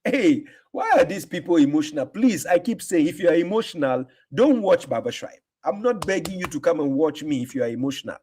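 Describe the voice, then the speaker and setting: A man's voice: a little high, animated, a little fast, hardly any pauses, darkish tone. A man hosting a livestream, combative and mocking, repeating himself for emphasis. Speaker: livestream host answering comments. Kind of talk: casual livestream talk.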